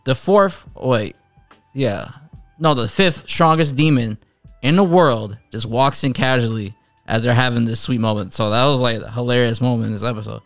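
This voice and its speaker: A man hosting a casual episode review, retelling what happens on screen in a loose, rambling way full of fillers and restarts. His voice sits at an ordinary middle pitch. The sound is close and dry, with a faint bed of music underneath. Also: normal speed, no room sound. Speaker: anime reviewer, channel host.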